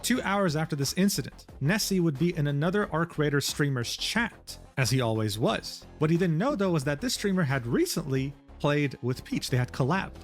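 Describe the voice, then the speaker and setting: A man narrating a commentary video in a measured, dryly critical way. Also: fairly high pitch, animated, soft background music. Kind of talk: scripted narration.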